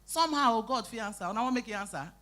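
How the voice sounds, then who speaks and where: A woman with a Nigerian Pidgin accent doing live stand-up comedy, telling animated stories, shouting out acted lines and teasing the crowd. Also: a little high, fast talker. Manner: animated storytelling, bursts into shouting and acted quotes, teases the crowd. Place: live event stage.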